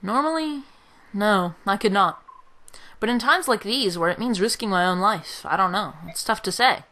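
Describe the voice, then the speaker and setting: A woman's voice: medium pitch, moderate pace, sharp tone, natural voice. A woman voicing a blunt, honest young male mercenary leader who speaks plainly and directly. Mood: frank.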